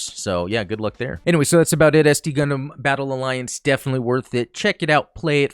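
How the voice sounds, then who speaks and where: A man hosting a gaming channel, giving relaxed, chatty commentary over gameplay with plenty of fillers. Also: medium pitch, clear, resonant tone, dry recording, clean studio sound.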